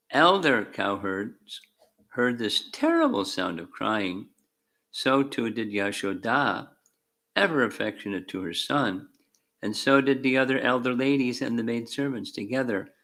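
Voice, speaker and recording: A man reading scripture aloud in short deliberate phrases, calling out verse numbers and adding his own commentary with dry asides. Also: mid-range voice, sharp tone. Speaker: spiritual teacher.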